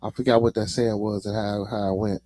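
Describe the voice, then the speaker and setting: A man's voice: lowish voice, little pitch movement, brisk, dark tone, no echo. A man with a Chicago accent hosting his own podcast, talking casually to his chat and saying "man" after nearly every phrase. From United States. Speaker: podcast host.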